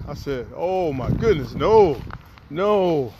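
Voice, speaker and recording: A poet and vlogger with an unhurried, mid-range voice tells a personal story while on a windy walk outdoors. He's an animated storyteller who acts out what people said, and faint wind and outdoor noise sit under the recording.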